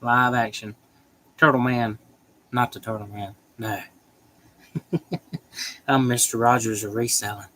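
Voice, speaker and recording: A man's voice: medium pitch, fairly even intonation, takes it slowly, long pauses, fairly bright tone, slight background noise, low-quality recording. A man hosting a casual livestream, reading viewer comments aloud in a chatty, joking way. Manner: chatty, joking, laughs often. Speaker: livestream host.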